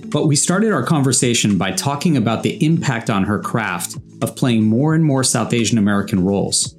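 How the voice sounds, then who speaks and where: A male host reads a scripted introduction, then asks his guest questions. He sounds measured and earnest, at a middle pitch, with soft music playing faintly beneath his voice. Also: animated. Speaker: podcast host.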